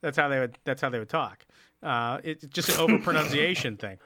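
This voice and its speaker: A man's voice: on the high side, expressive, brisk, noisy background. A man chatting casually, telling rambling stories with mock outrage. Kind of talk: casual chat.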